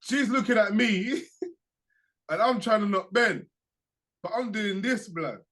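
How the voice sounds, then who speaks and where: A young man, co-hosting a podcast and telling a school story in a casual, slangy, animated way. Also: sits high, slow. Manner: animated, acts out quoted voices, slangy. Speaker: podcast co-host.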